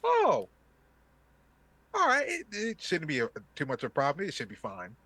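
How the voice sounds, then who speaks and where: Boston-accented hologram man, excitable, loud, rambling, as a man puts him on. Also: a little high, quick pace, voice pushed up, full character voice. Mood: hurried. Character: small hologram man, frantic and chatty.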